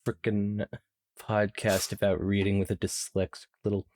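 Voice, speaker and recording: A man's voice: on the low side, monotone, normal speed, a little mellow, no room sound. A man co-hosting a podcast, bantering in a dry, teasing way. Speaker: podcast co-host. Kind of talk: casual banter while reading.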